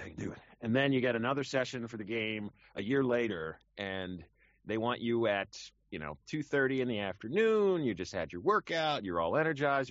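A man's voice: sits low, dry recording, muffled recording. A man who works as a professional voice actor, talking casually and animatedly, with frequent restarts and fillers. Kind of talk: casual conversation.

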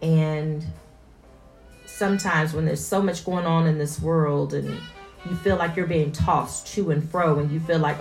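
A woman's voice: low voice, fairly even intonation, unhurried, faint music behind. A woman in her forties, a mother, speaking in an earnest, reflective personal monologue and stressing points through repetition.

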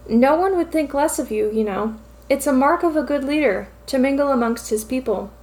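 A cheerful young male secretary with a playful, teasing manner, as a woman reads him aloud. His lines come in a fairly high voice with an easy, upbeat delivery. It is a storybook-style fan fiction reading. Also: moderate pace, a little mellow. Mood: coaxing.

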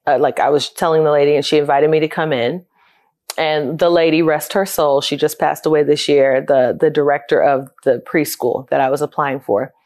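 A woman's voice: deep voice, steady tone, normal speed, darkish tone. A woman in her thirties from South Florida, telling her life story in an interview in a candid, reflective, conversational way. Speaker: interviewee, childcare business owner.

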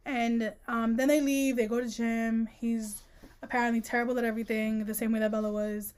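A woman co-hosting a podcast, chatting casually about a book, slangy and animated, acting out the characters' lines as she retells scenes. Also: a little high, brisk, clean tone. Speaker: podcast co-host. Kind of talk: casual book-discussion chat.

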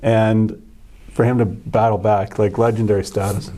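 A man hosting a podcast, chatting casually and retelling a sports moment with excitement. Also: on the low side, moderate pace. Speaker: podcast host. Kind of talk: casual chat.

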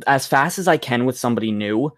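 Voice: medium pitch, expressive, fast talker, no room sound, clean studio sound. A young adult co-hosting a podcast in casual chat, easygoing and agreeable, chuckling often. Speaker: podcast co-host.

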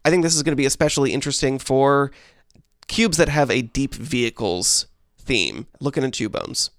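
Man, podcast co-host, casual chat, measured explainer, dry humor, middle pitch, dry close sound. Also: dry recording. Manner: explains at length, measured and dryly joking.

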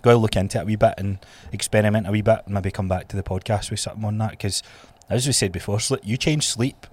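A Scottish man in his thirties co-hosting a fitness podcast, blunt and animated, swearing freely. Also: on the low side, quick pace. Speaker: podcast co-host and trainer. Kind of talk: casual podcast chat.

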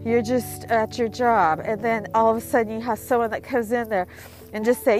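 Woman, casual advice vlog, rambling, conversational, slightly high voice, faint background music. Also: steady tone, normal speed, darkish tone. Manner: rambling, conversational, full of "you know" and "like". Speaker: vlogger giving advice.

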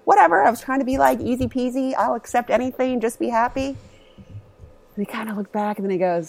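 Candid, swearing mom telling stories. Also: female voice, on the high side, expressive, quick pace, darkish tone, slight background noise. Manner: candid storytelling, swears freely. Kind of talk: casual chat.

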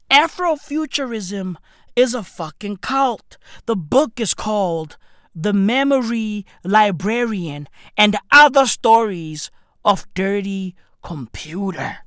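Comedic ranter, profane and rambling, slow delivery, dry close sound. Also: male voice, high voice, animated, smooth, no room sound. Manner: profane, rambling, swings from mumbling to shouting. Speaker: comedic vlogger. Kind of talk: ranting comedic monologue.

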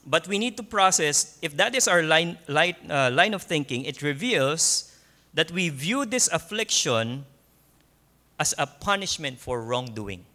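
A pastor with a Filipino accent preaches in a church at an unhurried pace, repeating his points for emphasis. His voice is bright and sits on the higher side. He drops in soft laughs between lines. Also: animated. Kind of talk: sermon.

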